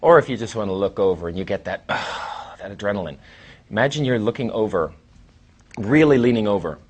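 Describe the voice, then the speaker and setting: A man in his thirties giving a casual, rambling seminar talk as a trainer, with sighs and long pauses. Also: lowish voice, slightly rough. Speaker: dating coach and trainer.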